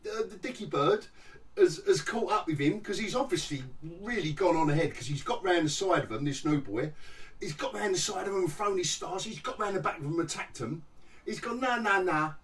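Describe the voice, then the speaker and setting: Sarcastic man with a lively voice. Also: high-pitched, distant mic. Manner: mocking, rambling, restarts often, laughs at the show. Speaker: TV review vlogger. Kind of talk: sarcastic casual review rant.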